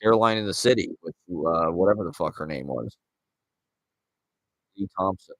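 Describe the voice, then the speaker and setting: A man's voice: deep voice, lively intonation, normal speed, no echo, rough recording. A man in his forties rambling and ranting sarcastically and profanely as he hosts his show solo. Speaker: podcast host. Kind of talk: solo casual rant.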